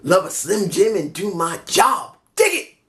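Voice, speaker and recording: A man putting on a brash male wrestling-promo voice, growling catchphrases and jumping high in pitch. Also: sing-song, unhurried. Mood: hyped.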